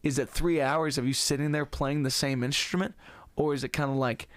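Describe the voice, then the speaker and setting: A man's voice: on the high side, fairly quick, dry recording. Laid-back male podcast host, dry sound. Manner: relaxed, chatty, swears casually. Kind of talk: casual podcast chat.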